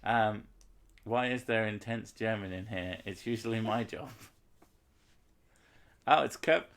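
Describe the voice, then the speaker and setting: Swearing freely and poking fun at himself, this man rambles casually through his game stream. He speaks at normal speed in a fairly low voice with fairly even intonation.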